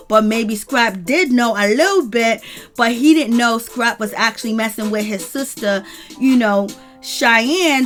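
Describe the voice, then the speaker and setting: A woman's voice: fairly high pitch, a bit bright. A woman hosting a reality TV recap in casual gossip style, opinionated and chatty, with lots of "you know" fillers.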